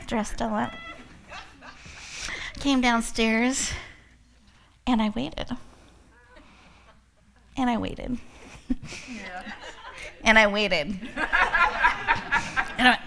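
A woman with a fairly high voice hosts an event and delivers a motivational talk, unhurried and with long pauses, over a faint hiss or hum. Her talk is full of animated personal stories and frequent laughter.

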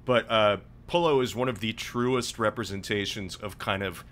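A young man co-hosting a podcast, talking in a measured, thoughtful way. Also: lowish voice, a bit bright, slight background noise. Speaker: podcast co-host. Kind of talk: casual chat.

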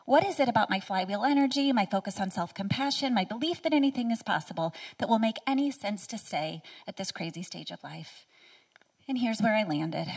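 A woman in her thirties giving a prepared personal speech as a featured speaker at a live event, earnest and heartfelt, sometimes dropping to a soft near-whisper. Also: medium pitch, husky, far from the mic. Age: 30s. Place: event stage.

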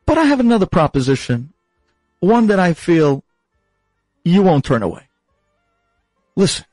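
A man's voice: high voice, very animated, a little slow, darkish tone, no room sound, soft background music, exaggerated voice. A man voicing a stubborn, wealthy miser who haggles insistently and repeats himself. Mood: coaxing.

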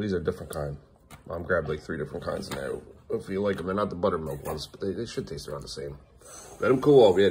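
A father talking straight into a handheld camera at home, his mid-pitched voice jumping up and down as he teases and coaxes his kids. He sounds casual and playful, with a faint hiss of background noise behind him. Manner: playful, talks to his young sons in a teasing, coaxing way. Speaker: dad vlogging with his kids. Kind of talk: casual family vlog chat. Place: family home kitchen. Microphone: handheld camera filming himself.

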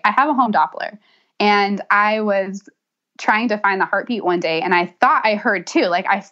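A woman's voice: mid-range voice, a bit bright, dull audio. A young woman telling her birth story as a podcast guest, chatty and laughing often. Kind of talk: casual interview storytelling.

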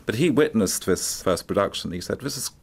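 A man's voice: fairly low pitch, normal speed, slightly rough. A man speaking as a music expert guest in a radio interview, telling stories with frequent ums and hesitations. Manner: hesitant, many ums, animated storytelling.

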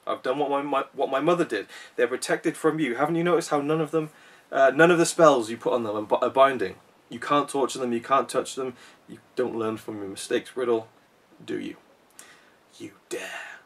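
A man's voice: medium pitch, moderate pace, distant mic, voice pushed up, lightly acted. A man reading a novel aloud, voicing a defiant young wizard hero who stands up to his enemy. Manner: defiant, insistent.

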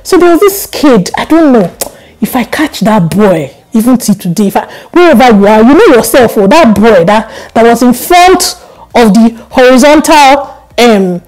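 A young woman vlogger chatting casually to camera, telling stories with animated laughs. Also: on the high side, moderate pace, poor audio. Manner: animated storytelling, laughs often.

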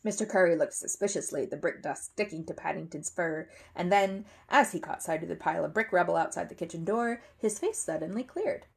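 A woman reading a children's book aloud, with expressive storyteller delivery. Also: fairly low pitch, fairly quick, vocal fry, hardly any pauses, slightly rough. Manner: expressive, animated.

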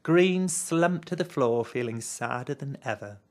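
An unhurried storyteller reads a children's picture book aloud, with an animated voice that climbs and dips. The telling is deliberate and expressive. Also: medium pitch. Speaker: narrator.

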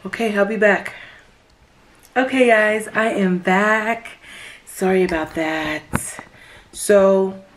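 A woman's voice: mid-range voice, slow pace, pauses often, background noise. A woman talking casually through a makeup tutorial in a chatty vlog, sometimes dropping to a whisper. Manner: chatty, drops to whispers at times. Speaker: beauty vlogger.

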